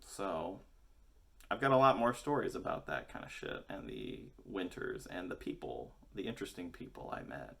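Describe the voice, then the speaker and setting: A young man with a low voice talks in a loose, rambling way, joking, swearing and drifting off topic. He comes across as relaxed and chatty, as if talking straight to his viewers. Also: normal speed, creaky, slightly rough. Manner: rambling, jokey, swears casually. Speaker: musician vlogger. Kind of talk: casual rambling chat to camera.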